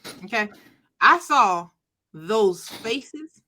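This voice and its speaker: A woman's voice: fairly high pitch, lively intonation, takes it slowly, sharp tone, a little hiss or hum. A woman co-hosting a podcast in casual chat, playful and given to dramatic exclamations. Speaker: podcast co-host.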